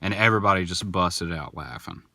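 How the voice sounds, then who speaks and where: A young man talks casually on his podcast, getting worked up as he tells a story and slipping into the voices of the people in it. His voice is bright and swings widely in pitch. The recording is dry and close, with no room sound. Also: a little fast, dry recording. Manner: animated, indignant storytelling with quoted voices. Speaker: podcast host.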